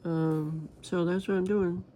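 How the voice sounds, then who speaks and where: A woman's voice: lowish voice, steady tone, slow, mellow, a little hiss or hum. A woman crafting vlogger chatting casually and rambling to her viewers while she works on a diamond painting.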